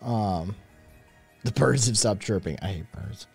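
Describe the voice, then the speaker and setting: A man hosting a casual livestream, reading chat messages aloud and answering them with loud, profane, animated opinions. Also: on the low side, measured pace, gravelly, soft background music. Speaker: podcast host reading live chat.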